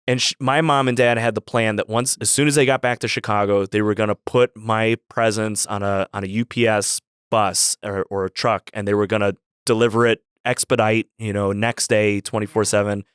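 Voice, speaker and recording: A man with a smooth, resonant voice tells a childhood story on a podcast. He rambles and stalls on fillers, and the sound is close and dry. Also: on the low side, fairly even intonation, moderate pace, hardly any pauses, no room sound. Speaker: guest storyteller.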